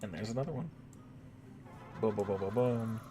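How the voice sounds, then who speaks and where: A man's voice: lowish voice, moderate pace, background noise. Chatty Southern man with a twang. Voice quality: slight twang. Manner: relaxed, rambling, swears freely. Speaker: game streamer. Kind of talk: casual chat while gaming.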